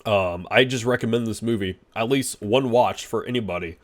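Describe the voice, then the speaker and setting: Excitable rambling man reviewing a movie. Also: fairly low pitch, normal speed. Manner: excitable and rambling, with frequent restarts and fillers. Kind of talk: casual spoken review.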